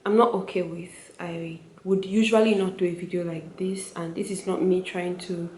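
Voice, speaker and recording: A woman's voice: on the low side, steady tone, normal speed, darkish tone, a little hiss or hum. A woman in her twenties with a Nigerian accent, talking earnestly to camera in a casual vlog and repeating points for emphasis. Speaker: vlogger. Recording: echoey room with faint ambience.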